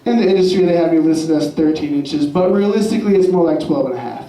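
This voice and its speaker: A man's voice: on the high side, fast, warm tone, far from the mic, close to an everyday voice. A man voicing a laid-back stoner friend with an offhand drawl, on a comedy club stage. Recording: roomy club sound from afar. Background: audience laughter.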